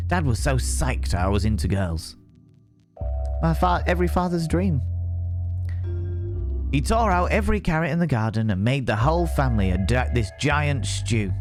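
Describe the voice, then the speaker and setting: A man's voice: medium pitch, lightly acted. Man doing a cheeky Cockney lad. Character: rough young Cockney man, laid-back and blunt.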